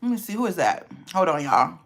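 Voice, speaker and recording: Chatty woman vlogger, bright voice. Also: lowish voice, very animated, fairly quick. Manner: chatty, talks to viewers by name. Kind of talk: casual livestream chat.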